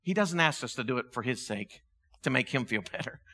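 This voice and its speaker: A male pastor delivering a sermon in a conversational, animated storytelling way, laughing at himself as he goes. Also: mid-range voice, a little fast. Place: church.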